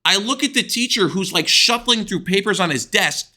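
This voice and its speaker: A young man from the United States telling a crude, excitable storytime with plenty of swearing. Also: high-pitched, normal speed. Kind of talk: animated storytime vlog.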